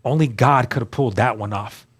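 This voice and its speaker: A man telling his story as a guest, earnest and animated, acting out the dialogue he quotes. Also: mid-range voice, fairly quick, breathy edge. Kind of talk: storytelling testimony.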